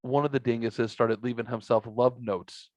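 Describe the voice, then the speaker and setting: A middle-aged man hosting a casual podcast, telling rambling stories with lots of swearing and animated quoted voices, on a headset mic. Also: moderate pace, no echo. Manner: rambling storyteller, swears a lot, bursts into high excited quotes. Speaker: podcast host.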